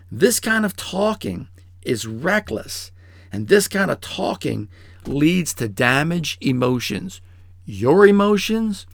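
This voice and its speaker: A man with a gravelly, creaky voice preaches in a relaxed, conversational way. He tells stories and jumps into quoted voices. The sound is dry and close. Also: dry recording. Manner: storytelling, acts out quoted voices in a high pitch. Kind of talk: sermon-style teaching.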